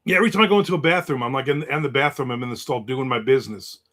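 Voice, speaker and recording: This man races along in a mid-range, fairly bright voice. He is the host of a casual livestream in the American South, telling a story and reading out comments from viewers.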